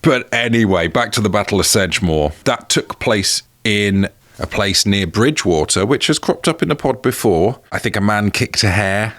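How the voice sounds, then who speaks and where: A man's voice: on the low side, expressive, normal speed, fairly bright tone, no room sound. An English man co-hosting a podcast, telling a history tale in casual, jokey chat and laughing often. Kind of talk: casual comedic chat and storytelling.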